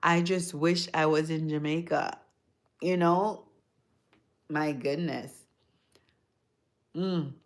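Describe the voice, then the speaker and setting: A woman's voice: sits low, fairly even intonation, slow pace, long pauses. A woman hosting a livestream, chatting casually with viewers in a rambling, storytelling way and gushing about food. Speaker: livestream host. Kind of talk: casual chat answering viewers.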